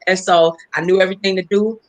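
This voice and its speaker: A woman from California spins a personal story in an easy, chatty way. Her voice sits at an ordinary middle pitch. She slips into the voices of the people in her story as she goes. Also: fast, low-quality recording. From Inglewood, California. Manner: animated, acts out the voices in her stories. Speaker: guest storyteller, hairstylist. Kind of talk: casual anecdote telling.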